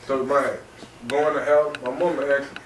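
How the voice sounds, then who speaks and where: A male podcast host recounts something personal, stopping and restarting and leaning on "man" and "you know." His voice sits at a middle pitch and comes from some distance off the mic. A roomy echo and a faint background hum hang around it. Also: level tone. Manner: halting, repeats phrases, filler "man" and "you know". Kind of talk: emotional personal storytelling.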